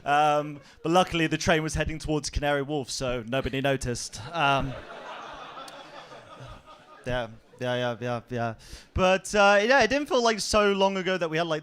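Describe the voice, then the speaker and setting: Young male stand-up, high bright voice, animated and quick with character bits. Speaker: stand-up comedian. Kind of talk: stand-up set. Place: comedy club stage.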